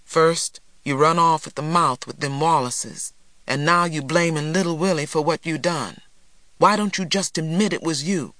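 A cold, stern older boy who levels accusations quietly and firmly, as a man reading a storybook voices him. The sound is close and dry. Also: on the high side, moderate pace, no room sound.

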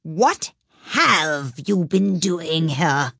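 A woman voicing a furious, shrieking tyrant queen who screams her orders slowly. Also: low voice, lively intonation, vocal fry, a bit bright, dry recording, clean studio sound, heavily acted. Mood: commanding. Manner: screaming, slow and drawn out.

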